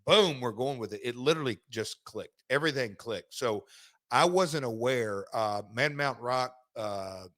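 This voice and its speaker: A middle-aged man hosting a podcast, chatting casually and telling stories about his past in a relaxed, rambling way. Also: medium pitch, measured pace. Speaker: podcast host, former wrestler. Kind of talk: casual chat and read sponsor ad.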